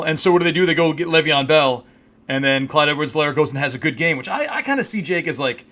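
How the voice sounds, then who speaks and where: A man's voice: fairly high pitch, lively intonation, fast, pushed and bright. A man co-hosting a casual fantasy football podcast, joking and teasing his partner. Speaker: podcast co-host.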